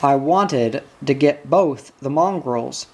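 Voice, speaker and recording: A reader doing a guilt-ridden father confessing a crime in weary, shaky words. The voice is husky and slow. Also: mid-range voice, animated. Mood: shaken.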